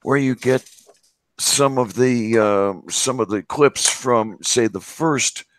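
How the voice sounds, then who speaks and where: A man's voice: mid-range voice, slow pace, fairly bright tone, no echo, rough recording. A man chatting on a live stream, making dry, matter-of-fact quips. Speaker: stream guest. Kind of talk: casual chat.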